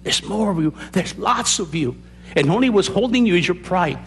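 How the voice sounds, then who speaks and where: High-voiced man pleading an altar call. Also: animated, moderate pace, slight background noise. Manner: pleading, repetitive urging. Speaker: pastor. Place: church with congregation.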